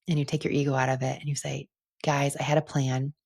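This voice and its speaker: Young woman podcast host, low and husky, earnest and reflective, casual filler-heavy delivery. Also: flat delivery, fast talker, darkish tone. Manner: earnest, heartfelt, with frequent "like" fillers. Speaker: podcast host and retreat leader. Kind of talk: reflective solo podcast monologue.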